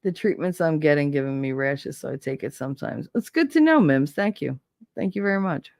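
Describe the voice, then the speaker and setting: A woman's voice: low-pitched, animated, fairly quick, darkish tone, no room sound, clean studio sound. A woman streamer in casual live-stream chat, rambling and candid, swearing freely and laughing often.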